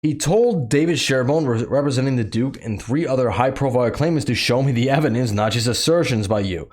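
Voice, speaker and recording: A man's voice: medium pitch, brisk, a little mellow. A man from the United States reading news excerpts aloud and mocking them in a sarcastic, opinionated commentary. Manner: sarcastic, mocking, laughs at the story; reads news excerpts aloud between his own remarks. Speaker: commentary channel host.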